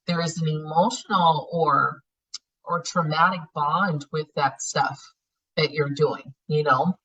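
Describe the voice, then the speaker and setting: Heard on a muffled, lo-fi recording, a spiritual healing class facilitator teaches in a frank, chatty manner, cursing casually and voicing what people are thinking inside. She speaks slowly in a low pitch, her tone bright and forceful with a breathy edge.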